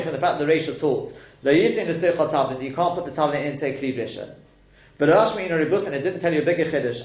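A man's voice: fairly high pitch, darkish tone. A man teaching a text lesson, explaining step by step and quizzing his listeners with rhetorical questions. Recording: echoey room.

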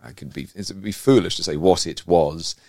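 A man's voice: sits low, a little fast, gravelly, a little mellow, dry recording, studio quality. A man from England hosting an interview, enthusiastic and rambling, with many restarts as he tells stories. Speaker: host. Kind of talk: conversational interview.

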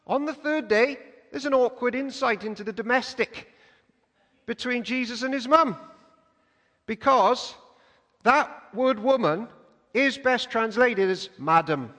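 A man with a high voice preaches a sermon, telling the story in a lively, conversational way. His voice carries a long reverb that fills the church hall. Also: unhurried, pauses often.

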